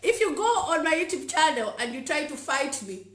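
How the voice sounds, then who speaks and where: Woman host from Zambia, upbeat and giggly, higher voice, echoey room with faint hiss. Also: animated, fairly quick, fairly bright tone. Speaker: YouTuber host. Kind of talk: casual vlog chat.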